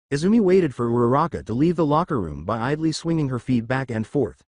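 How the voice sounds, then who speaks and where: A man narrating a fan fiction story aloud in a steady storytelling manner. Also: mid-range voice, brisk, hardly any pauses, dry recording, studio quality.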